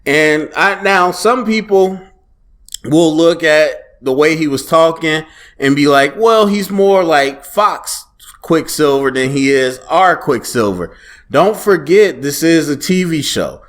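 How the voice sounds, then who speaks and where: A man's voice: a little high, takes it slowly. A man giving a casual solo review of a TV episode, talking loosely and animatedly and quoting lines as he goes. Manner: conversational, animated, quotes dialogue in a loose relaxed tone. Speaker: TV show reviewer.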